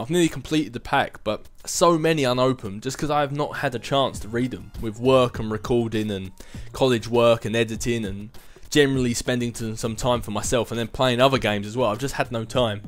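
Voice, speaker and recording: A young man in his twenties hosting a casual vlog and answering viewer questions in a rambling, chatty way, with self-mocking asides. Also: mid-range voice. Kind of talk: casual chat.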